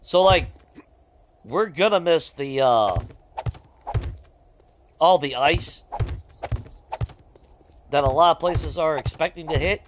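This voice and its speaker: A man's voice: fairly high pitch, slow pace, pauses often, slight background noise. A man, talking casually while he plays, ranting with heavy swearing. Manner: profane, animated ranting with laughs. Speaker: gaming streamer. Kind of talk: casual ranting chat over gameplay.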